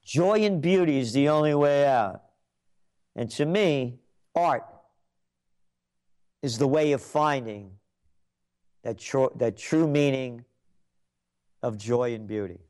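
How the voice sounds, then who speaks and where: A man's voice: medium pitch, lively intonation, slow pace, long pauses, darkish tone. An older man hosting a trends commentary show, delivering an opinionated monologue with emphatic, repetitive declarations.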